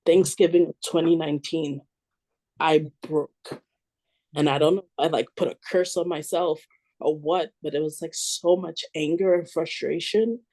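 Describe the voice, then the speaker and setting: A woman's voice: sits low, steady tone, normal speed, dark tone. A woman in a study group telling a painful personal story, reflective and full of "like" fillers. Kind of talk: emotional personal sharing.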